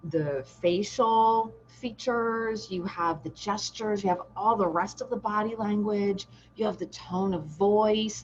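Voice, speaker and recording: A woman's voice: mid-range voice, a little mellow. A woman who works as a parenting educator gives an informal, earnest and encouraging teaching talk, often checking in with "right?" and "okay?". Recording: slightly dull lo-fi audio with faint noise.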